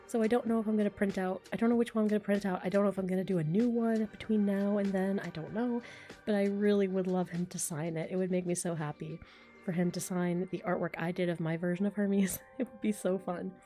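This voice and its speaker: A woman's voice: mid-range voice, steady tone, fast, warm tone, faint music behind. A woman in her thirties chatting casually and rambling on a livestream, often making fun of herself. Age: 30s. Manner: chatty, rambling, self-deprecating. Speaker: voice actor and streamer.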